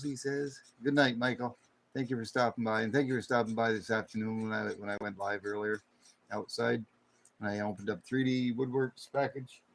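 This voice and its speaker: A man hosting a late-night livestream chat in a folksy way, greeting viewers with loud whoops. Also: on the low side, rough recording. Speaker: livestream host. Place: home studio with air conditioner running. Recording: faint air conditioner hum.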